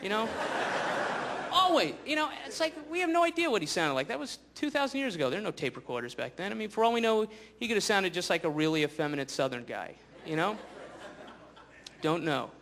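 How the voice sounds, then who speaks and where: A man doing stand-up comedy on stage before a live audience, rambling and sardonic, slipping into quick voices. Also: sits high, very animated, fairly bright tone. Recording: live stage with noisy crowd.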